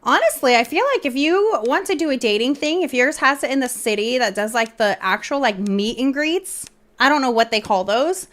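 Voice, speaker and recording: A woman talking casually on a live stream, her voice sitting a little on the high side. She rambles from thought to thought, filling gaps with "like" and restarting her sentences. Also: lively intonation, moderate pace, fairly bright tone. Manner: rambling, filler-heavy, chatty.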